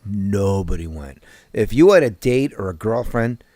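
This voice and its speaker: A man's voice: on the low side, a little slow, dry recording, clean studio sound. A man in his fifties from Newark with a heavy New Jersey accent, a podcast host telling profane, jokey stories in casual chat. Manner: profane, jokey, animated storyteller.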